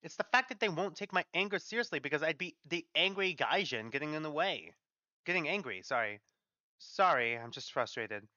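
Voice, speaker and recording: A man's voice: fairly high pitch, expressive, brisk, bright, forceful tone, no echo. A man voicing a frustrated, bitter foreign engineer who vents in heated, clipped bursts, on dull lo-fi audio. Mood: bitter venting.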